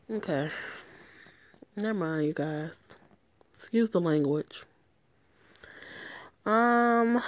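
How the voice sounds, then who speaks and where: A woman's voice: fairly low pitch, expressive, takes it slowly, vocal fry, pauses often, no echo. A woman playing a story game who reacts in a blunt, profane way and talks back to the characters. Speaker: gaming YouTuber. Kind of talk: casual reactions while reading a story game.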